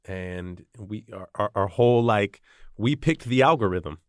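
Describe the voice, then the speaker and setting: A man with a lowish voice hosts a podcast conversation, thinking out loud and telling a story. He stresses short, punchy phrases one after another. The sound is dry, with no room echo. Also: unhurried. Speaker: podcast host. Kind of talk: casual conversation.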